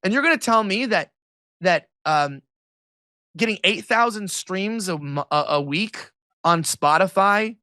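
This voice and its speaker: A man's voice: high-pitched, animated, measured pace, bright, forceful tone, dry recording, clean studio sound. A man from the United States, a guest in an interview, giving heated political commentary in a sarcastic, mocking way with many restarts.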